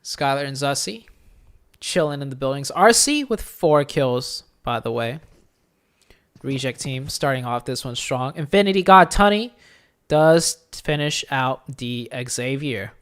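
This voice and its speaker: Solo esports caster, chatty then excitable. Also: mid-range voice, a little slow. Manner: chatty and offhand in lulls, bursting into excited calls during fights. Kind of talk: solo play-by-play commentary on a live stream. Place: home room, seated at a streaming setup. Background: faint game gunfire.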